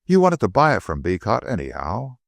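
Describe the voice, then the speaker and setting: A man's voice: lowish voice, huge pitch swings, brisk, vocal fry, dry recording, full character voice. A man playing an imperious little woman sleuth. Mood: commanding. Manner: cool, commanding, mocking.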